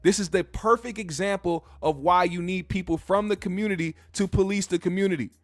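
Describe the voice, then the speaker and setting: A male podcast host rants in a blunt, heated way, swearing freely as he argues his point. His voice sits high, and the sound is dry and close with faint music underneath. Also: brisk, no room sound. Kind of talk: casual opinion rant.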